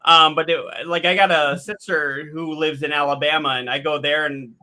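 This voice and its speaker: Bright-voiced man telling rambling stories. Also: fairly high pitch, steady tone, normal speed. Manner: rambling anecdotes, restarts, acts out quotes. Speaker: podcast co-host. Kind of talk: casual chat.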